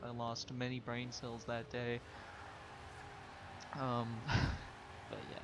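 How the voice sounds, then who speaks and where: A man's voice: medium pitch, noisy background. A young man, a vlogger, telling a story in a casual way and laughing often as he talks.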